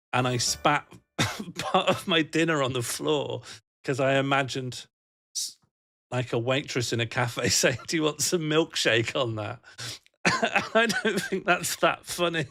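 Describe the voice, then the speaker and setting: Reading chat messages aloud and laughing often, a young man rambles playfully in a casual livestream chat. His medium-pitched voice is creaky and bright, with a forceful tone.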